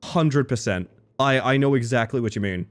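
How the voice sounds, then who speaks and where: A man live-streaming a game, chatting playfully with viewers, giggling and jumping into silly squeaky bits. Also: moderate pace. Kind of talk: live-streamed gameplay chat.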